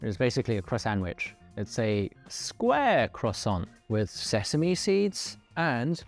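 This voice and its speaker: Man, food show presenter, animated swooping intonation, playful jokey asides, faint music behind. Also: mid-range voice, measured pace, vocal fry, hardly any pauses. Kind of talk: casual on-camera food review.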